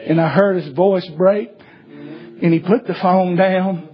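A man preaching a sermon, telling stories fervently and rising to shouts. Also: sits high, fairly even intonation, a little slow, dull audio. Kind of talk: sermon with storytelling.

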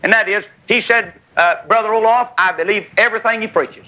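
A man preaching a revival sermon in a tent, folksy and fiery, rising to shouts, with a congregation calling back amens. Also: high-pitched, a little fast, rough recording. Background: congregation calling amen.

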